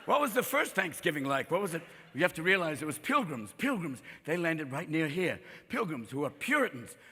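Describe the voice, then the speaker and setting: A man doing a stand-up comedy set, rapid-fire and profane, jumping into character voices, recorded live with a faint crowd and ambience behind him. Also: on the high side, big pitch swings, pushed and bright, slightly rough, in a large hall. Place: live comedy venue with audience.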